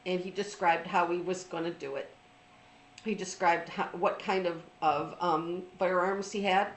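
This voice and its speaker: A middle-aged woman telling a personal story in an informal, reflective talk, pausing often with ums and restarts. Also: on the low side, fairly even intonation, reverberant, slight background noise, low-quality recording. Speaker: trauma recovery speaker.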